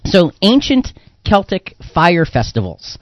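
A man's voice: high voice, wildly swooping pitch, takes it slowly, no room sound. A man hosting a Christian radio talk program in casual chat, rambling and repeating words with many fillers. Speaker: radio talk show host.

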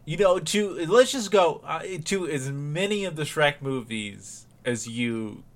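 A man's voice: fairly high pitch, lively intonation, a little slow. A man co-hosting a podcast in casual chat, rambling through restarts and laughing often. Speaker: podcast co-host.

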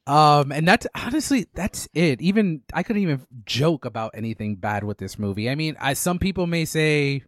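A man's voice: a little high, sing-song, normal speed, few pauses, no echo, clean studio sound. A man hosting a casual movie podcast, calling on co-hosts and giving his own takes. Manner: runs the segments, calls on others. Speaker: podcast host.

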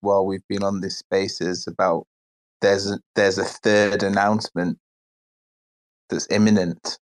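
A man's voice: sits low, level tone, unhurried, rough recording. A British man talking casually about his project, hesitant, with many fillers. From Britain. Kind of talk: casual chat.

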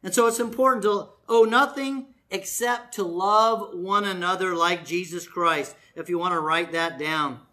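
A pastor delivers an earnest sermon to his church, and his voice has a bright, forceful edge. He keeps turning to the congregation with rhetorical questions. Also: sits high, a little slow, few pauses.

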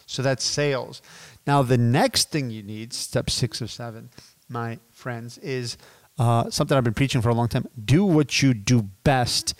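A man in his thirties teaching business as a podcast guest, animated and casual, addressing listeners as dude and my friends. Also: medium pitch, normal speed, no room sound. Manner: acts out sales calls in quoted voices.

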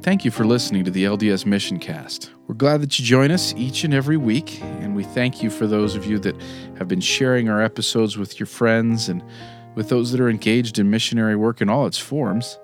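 A man's voice: on the low side, brisk. Guy doing the end-of-show podcast signoff, guitar playing behind him. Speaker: podcast host. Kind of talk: scripted podcast outro. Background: guitar music.

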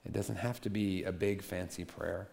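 Man, middle-aged, pastor, gravelly low-pitched edge, casual animated preaching. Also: moderate pace. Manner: conversational, animated preaching with playful asides. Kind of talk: sermon.

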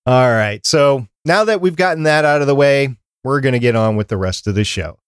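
A man's voice: mid-range voice, animated, a little fast, few pauses, smooth, dry recording, studio quality. A man from Minnesota hosting a fan podcast, chatty and rambling in casual talk. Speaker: podcast host.

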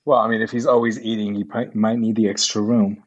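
A podcast guest, a man with a lowish, husky voice, chimes in with short, amused reactions. His sound is a little muffled and dull next to the host's. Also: flat delivery, a little fast. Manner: brief reactions, amused interjections. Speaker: podcast guest, creative director. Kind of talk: casual chat.

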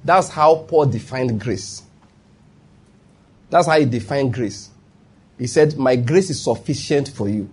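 A man's voice: mid-range voice, darkish tone, breathy edge. A man with a Nigerian accent preaching a sermon, emphatic and often asking whether listeners follow his point. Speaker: pastor.

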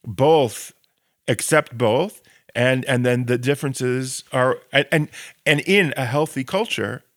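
A man's voice: mid-range voice, takes it slowly, dry recording. A man in a podcast discussion argues his point with real heat, firing off sarcastic rhetorical questions and tripping over repeated words as his thoughts race ahead. His voice sits in a middling register. The recording is close and dry. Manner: frequent restarts and repeated words when building a point. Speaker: Israel educator and podcast co-host.

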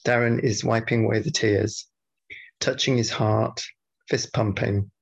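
A man co-hosting a podcast, bantering casually and reading out mock-formal feedback in a dry, deadpan way. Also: on the low side, a little slow. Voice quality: gravelly, husky. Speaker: podcast co-host. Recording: dull lo-fi podcast audio.

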